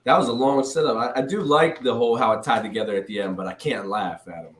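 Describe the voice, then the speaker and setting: A man's voice: mid-range voice, fast. A man chatting casually as a guest on a live stream, easygoing and self-deprecating. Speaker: guest contestant.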